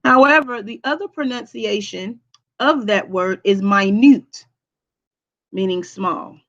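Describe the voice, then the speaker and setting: A woman's voice: medium pitch, slow, muffled recording. A woman teacher walking students through a recorded grammar lesson, patiently checking understanding with frequent okays. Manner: hums to herself while typing on screen.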